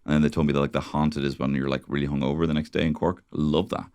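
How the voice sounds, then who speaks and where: A man's voice: a bass voice, rapid-fire, dry recording, studio quality. A young adult man with a Dublin accent co-hosting a podcast, chatting casually and swearing freely as he tells stories. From Dublin, Ireland. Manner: sweary, animated storyteller. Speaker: podcast co-host. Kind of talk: casual chat.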